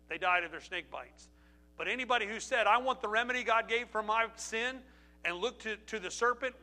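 A man preaching a sermon with a high-pitched and very bright, piercing voice. He is middle-aged and speaks with emphatic conviction, asking rhetorical questions and sinking to a hushed, low voice at personal moments. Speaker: pastor.

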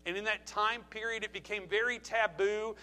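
Middle-aged preacher guy, kinda high voice, punchy rhetorical questions, repeats stuff for emphasis. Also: steady tone, normal speed, bright, forceful tone, smooth. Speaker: pastor. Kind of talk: sermon. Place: church.

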